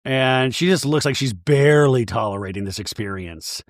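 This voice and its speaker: A man's voice: mid-range voice, normal speed, few pauses, dry recording, clean studio sound. A man hosting a comedic podcast, recapping a reality show in a wry, casual storytelling way with some swearing. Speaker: podcast host.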